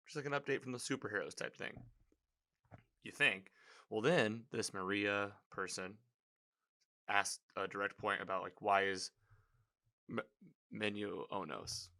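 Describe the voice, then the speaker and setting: Bright-voiced man rambling through a recap. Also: lowish voice, a little slow, pauses often. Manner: rambling, filler-heavy, animated reactions. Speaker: TV episode recapper. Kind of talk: casual spoken episode recap.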